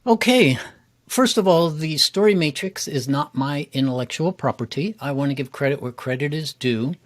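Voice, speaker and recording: A man who coaches public speaking talks in a podcast interview, animated and eager, jumping up in pitch to stress his points. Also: moderate pace. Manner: animated, enthusiastic, jumps up in pitch for emphasis. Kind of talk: casual interview chat.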